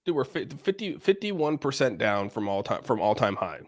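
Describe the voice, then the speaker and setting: A man's voice: medium pitch, very animated, normal speed, no room sound, clean studio sound. A man in casual podcast chat, blunt and profane, rambling with lots of restarts.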